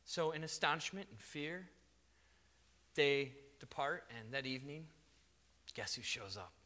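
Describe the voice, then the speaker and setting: A man preaching a sermon in a lively, conversational storytelling way. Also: medium pitch, unhurried. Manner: animated, conversational storytelling with acted quotes. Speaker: pastor.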